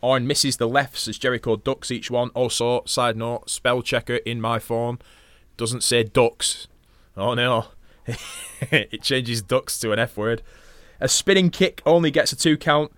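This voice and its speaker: A man's voice: mid-range voice, fairly even intonation, a little slow, a bit bright, no echo. A man co-hosting a podcast, swearing casually and recapping a wrestling match from notes between chatty asides. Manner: profane, chatty, laughs often, reads play-by-play notes. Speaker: podcast co-host.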